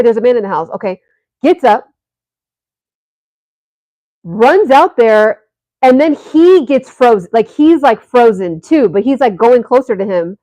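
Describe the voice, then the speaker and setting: Woman vlogger, storytelling, fairly high pitch, dry close sound, rambling with fillers. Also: no echo. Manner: animated, rambling with many fillers and restarts. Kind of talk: casual storytelling to viewers.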